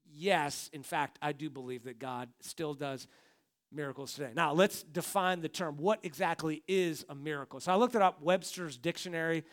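A man's voice: a little high, normal speed. A man, the pastor, preaching a conversational sermon from a church stage and talking straight to his congregation.

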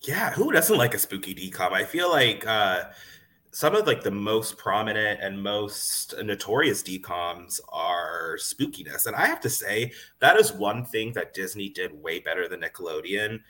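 A young man co-hosts a podcast with a low but bright voice that rises and falls a lot. He has a cold and a cough, and he stays upbeat and playful. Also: lively intonation, moderate pace. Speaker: podcast co-host. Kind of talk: casual podcast chat.

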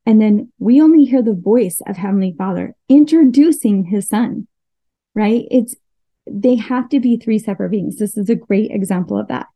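A woman's voice: medium pitch, normal speed, dark tone, no echo, rough recording. A woman hosting a podcast, talking through scripture in a casual, earnest way and thinking aloud with fillers and restarts. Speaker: podcast host. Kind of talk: casual scripture study talk.

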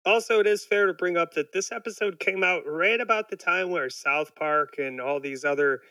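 A man hosting a relaxed podcast, retelling stories with animated energy and plenty of fillers. His voice sits a little high and bright. The sound is close and dry. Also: normal speed, no echo, low-quality recording. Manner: animated storyteller, lots of fillers. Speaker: podcast host. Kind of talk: casual chat.

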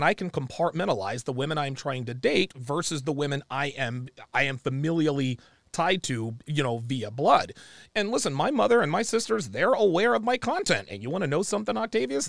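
A man's voice: a little high, gravelly, no echo. A man hosting a call-in show, talking bluntly and restarting his words as he argues his point. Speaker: host taking calls.

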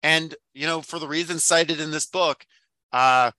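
This podcast co-host rambles thoughtfully through his ideas about books, with lots of fillers and restarts, in a casual conversation. His fairly high, bright, forward voice holds a steady tone at a slightly slow pace. The recording is dry and close-miked, with no room sound.

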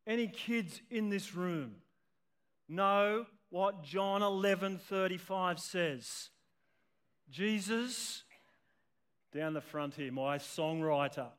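A male pastor preaching an impassioned sermon to a church congregation with children present, swelling to shouts at emotional peaks. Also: high voice.

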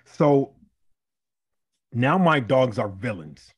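A married man from Chicago telling a story in a casual podcast chat, animated and profane, acting out the people in it. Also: medium pitch, very slow, breathy edge. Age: adult, married. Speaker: podcast co-host.

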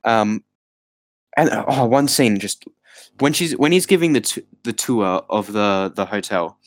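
A man's voice: on the low side, animated, measured pace, no echo, low-quality recording. A man co-hosting a podcast, chatting casually about a bad movie with rambling, exasperated asides and laughter. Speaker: podcast co-host. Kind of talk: casual movie review chat.

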